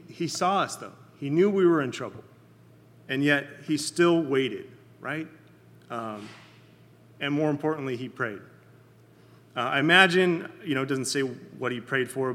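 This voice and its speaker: A man leading a Bible study in a casual, conversational sermon, often checking in with his listeners and pausing with fillers. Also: mid-range voice, sharp tone, long reverb tail. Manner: halting, many fillers and restarts.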